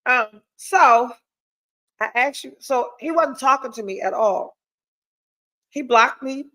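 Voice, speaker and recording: Casting: woman, forties or older, stuffy-nosed, slightly high voice, blunt and profane storyteller. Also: takes it slowly, pushed and bright, poor audio. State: stuffy nose. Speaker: podcast host. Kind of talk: candid solo livestream chat.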